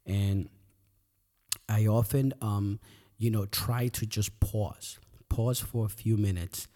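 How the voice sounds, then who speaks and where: Slow and warm, this middle-aged podcast host reflects earnestly on personal topics, repeating words while he works through his thoughts. His pitch is fairly low and his intonation fairly even.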